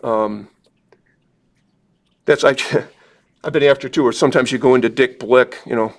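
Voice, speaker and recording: A man talks through a watercolor demo at a club meeting. He rambles in a friendly, self-deprecating way and fills pauses with "um" and "uh" as he paints. His voice sits at an ordinary middle pitch. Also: steady tone. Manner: chatty, rambling, self-deprecating, with many fillers. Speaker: watercolor instructor. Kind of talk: live painting demonstration with audience questions. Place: meeting room at a club gathering.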